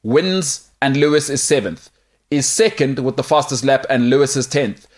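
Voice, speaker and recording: A man's voice: medium pitch, moderate pace. Man hamming up a mock Irish accent. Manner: jokingly putting on an Irish accent; rambling, playful, self-interrupting. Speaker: sports talk show host. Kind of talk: casual sports banter.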